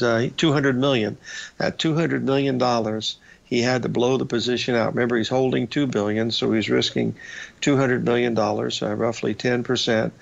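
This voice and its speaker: A male radio host giving casual market commentary over charts, folksy and rambling, with a raspy voice and lots of "uh" and "folks". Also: medium pitch. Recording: slightly dull lo-fi broadcast audio.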